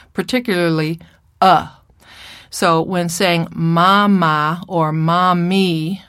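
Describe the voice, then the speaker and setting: A middle-aged woman, a speech-language therapist, giving a recorded lecture with slides in a measured, clinical way and slowly modeling speech sounds. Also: fairly low pitch, no room sound, studio quality.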